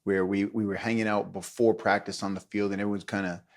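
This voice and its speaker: A man's voice: fairly low pitch, flat delivery, quick pace. A middle-aged man, a former pro football player, telling stories animatedly in casual conversation and laughing as he goes.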